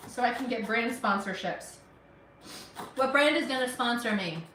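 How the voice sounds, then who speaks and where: A woman's voice: fairly high pitch, expressive, normal speed, fairly bright tone, far from the mic, slight background noise. A woman who works as a criminal defense lawyer, chatting casually and teasingly with viewers while she cooks on a livestream. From United States. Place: home kitchen. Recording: roomy kitchen audio, speaker off-mic.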